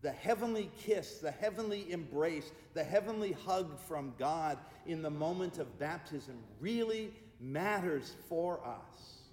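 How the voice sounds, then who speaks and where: A man preaching a sermon as pastor, speaking with emphatic repeated refrains and easing into hushed, slow prayer. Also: a little high, animated, a little hiss or hum. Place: church sanctuary. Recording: echoey church hall with long reverb.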